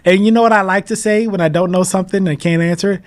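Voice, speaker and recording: A man being interviewed as a mortgage broker, talking in an animated, emphatic way and acting out his phone calls. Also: sits high, fast. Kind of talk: casual interview talk.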